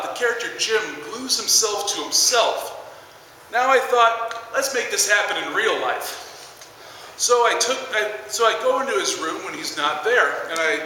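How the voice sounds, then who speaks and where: Twenties guy rambling a stand-up bit, bright voice, echoey theater, kinda far from the mic. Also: high voice, a little hiss or hum. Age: 20s. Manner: rambling with many fillers. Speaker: stand-up comedian. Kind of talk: stand-up storytelling. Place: large theater stage.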